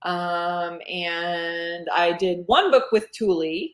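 Woman, romance author, low-ish voice, rambling chatty talk, roomy echo. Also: slow pace. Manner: rambling, many fillers and restarts. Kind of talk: casual interview chat.

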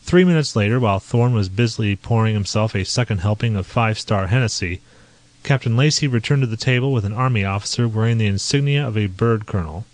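Steady male audiobook narrator. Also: fairly low pitch, fast talker, dry recording. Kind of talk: scripted narration of a novel.

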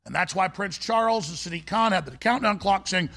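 A man hosts a talk show in an intense, conspiratorial rant. His voice is gravelly and pitched high, and he pushes each point hard. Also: a little fast, hardly any pauses, bright, forceful tone. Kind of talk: ranting monologue.

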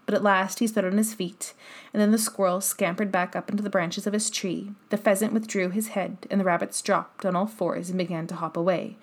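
A woman narrating a classic children's novel in an even storytelling manner. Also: medium pitch. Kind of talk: audiobook narration.

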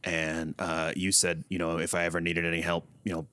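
A man's voice: sits low, completely flat delivery, brisk, sharp tone, no echo, clean studio sound. An actor playing a scheming male adventurer who talks hesitantly, full of fillers, in an improvised comedy scene. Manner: hesitant, lots of fillers and restarts.

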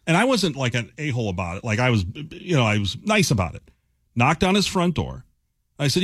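Animated male morning radio host. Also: mid-range voice, fairly quick, slightly rough, dry recording, clean studio sound. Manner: animated storytelling, lots of fillers. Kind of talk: casual morning radio chat. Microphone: studio microphone.

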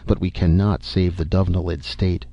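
A man voicing a weary, grizzled older diplomat who speaks in a measured, grave way, on a dull, dry recording. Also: low voice, little pitch movement, creaky, warm tone, no echo.

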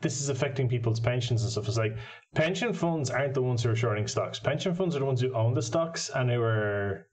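A man's voice: medium pitch, animated, a little fast. A man in casual podcast chat, rambling through points with many restarts and a wry tone.

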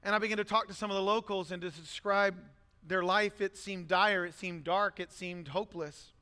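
A man preaching a sermon as a pastor, blunt and intense, building to shouts. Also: sits high, fairly even intonation, normal speed, clear, resonant tone. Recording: long hall reverb.

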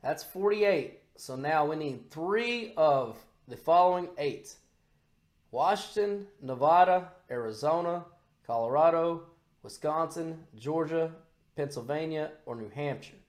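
A man co-hosting a casual political podcast, crude and excitable, swearing freely. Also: on the high side, measured pace. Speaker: podcast co-host.

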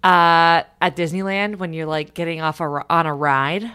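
Joking woman cohost on a podcast, bright crisp tone, quick banter. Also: on the low side, level tone. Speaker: podcast co-host. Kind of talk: casual chat.

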